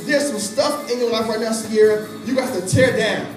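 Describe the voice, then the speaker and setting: Fervent preacher with repetitive cadence. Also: male voice, sits high, normal speed. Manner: fervent, repeats phrases for emphasis. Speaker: youth preacher. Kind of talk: impassioned sermon. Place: church hall. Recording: echoey hall, distant mic, music behind.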